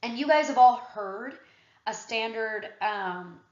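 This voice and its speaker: A woman's voice: on the high side, slow pace. Woman history teacher, casual classroom lecture delivery with fillers, roomy echo, slightly dull sound.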